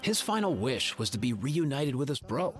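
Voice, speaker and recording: A man's voice: mid-range voice, big pitch swings, normal speed, natural voice. A man voicing a friendly young male physician in a game, speaking in a casual, comforting way. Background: game music.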